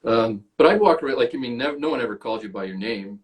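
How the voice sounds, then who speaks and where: A man's voice: mid-range voice, lively intonation, quick pace. A man with a Canadian accent, an actor and guest on an interview podcast, tells casual stories and swears freely. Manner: swears freely, storytelling with acted quotes.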